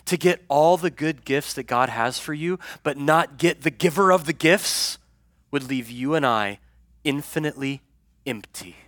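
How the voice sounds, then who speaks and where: A man preaching a sermon as a pastor, casual and earnest, rising loud then dropping very soft for emphasis. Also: on the high side, a little slow, no room sound, studio quality.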